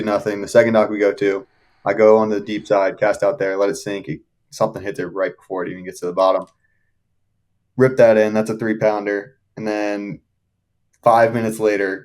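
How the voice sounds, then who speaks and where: A young man from the Shenandoah Valley, a podcast guest telling fishing stories in a casual, excited way, often laughing as he talks. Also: on the low side. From Shenandoah Valley, Virginia. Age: young adult. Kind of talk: casual storytelling.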